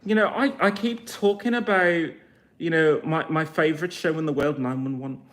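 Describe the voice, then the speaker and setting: A man's voice: a little high, normal speed, fairly bright tone. A man in his forties, talking to camera in a blunt, mocking rant full of swearing. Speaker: vlogger.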